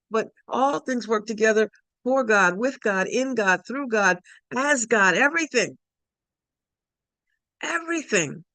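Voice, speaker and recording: A woman's voice: on the high side, a bit bright, no echo. A woman giving a spiritual talk, emphatic and repetitive, often restarting her sentences. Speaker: spiritual speaker.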